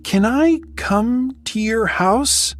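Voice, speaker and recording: An excited young woman friend, voiced by a woman reading a story aloud, eager and bright. Her voice rides noticeably higher than the narration and swings widely in pitch. The lines are spoken slowly and clearly for learners. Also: soft background music. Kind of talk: read-aloud story with acted dialogue.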